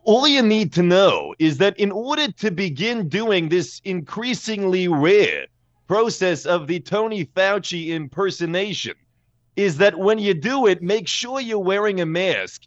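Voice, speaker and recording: A man's voice: sits high, lively intonation, unhurried, dry recording, voice pushed up. A man doing a fussy elderly male doctor. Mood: lecturing. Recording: dry, slightly dull sound.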